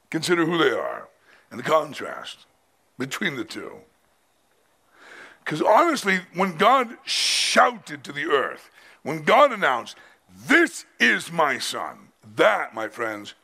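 Man, pastor, sermon, slow deliberate delivery, bright forceful tone, emphatic. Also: a little high, gravelly, husky. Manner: dramatic, emphatic, with drawn-out pauses. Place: men's conference.

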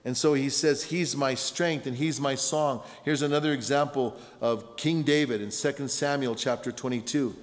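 A middle-aged man preaching a sermon as a pastor, telling stories in an animated way. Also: medium pitch, moderate pace, hardly any pauses. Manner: storytelling, animated with shouted punchlines. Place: large conference hall. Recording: long hall reverb.

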